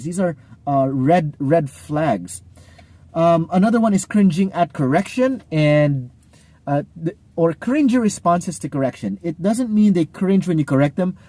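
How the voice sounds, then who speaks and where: Pastor, male, slightly high voice, chatty and unpolished, casual teaching talk. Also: mellow, no room sound. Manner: conversational, many fillers and restarts.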